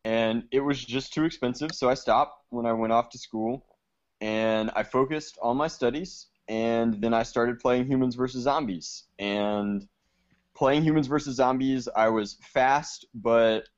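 A man on a podcast, telling his own story in a relaxed, casual way. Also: medium pitch, unhurried. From Georgia, US South. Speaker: podcast co-host. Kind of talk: casual chat. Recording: muffled lo-fi sound.

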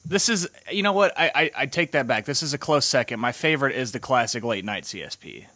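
A young man from the United States hosts a podcast with easygoing, joking chat. His voice is bright at a middle pitch, recorded dry with no room sound. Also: animated, a little fast, no echo. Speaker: podcast host. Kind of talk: casual chat.

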